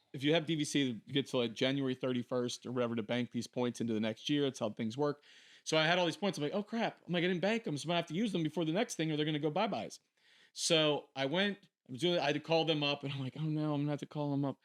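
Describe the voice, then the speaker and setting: A podcast co-host on a fan show tells stories in casual chat, animatedly performing the voices of the people he quotes. He speaks fast in a voice on the high side.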